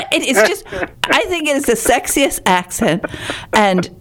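A woman's voice: fairly high pitch, very animated, measured pace, fairly bright tone. An older woman hosting a radio program, chatty and gushing, laughing often as she rambles. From Ireland. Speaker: radio show host.

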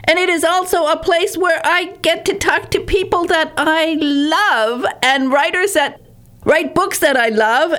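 A woman's voice: extremely high pitch, measured pace, fairly bright tone. A woman host who gushes about her guest, often stumbling and restarting her sentences. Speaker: podcast host. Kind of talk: warm chatty interview.

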